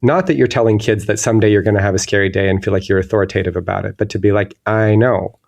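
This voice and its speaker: Gravelly, thoughtful low-voiced man. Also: steady tone, racing, a little mellow. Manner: thoughtful, searching, many restarts. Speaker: guest illustrator. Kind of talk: reflective interview talk.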